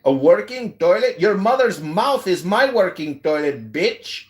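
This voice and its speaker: A man's voice: sits high, sing-song, unhurried, pitched below the performer's own voice. A man playing a crude, boastful rich Indian man in a put-on Indian accent on a prank call, hurling vulgar insults. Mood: insulting. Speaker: prank caller.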